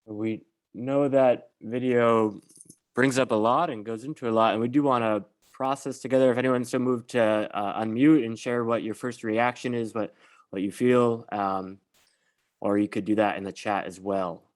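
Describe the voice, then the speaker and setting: A man facilitating an online bias training, speaking in a measured way with frequent pauses. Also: medium pitch, fairly even intonation. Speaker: workshop facilitator.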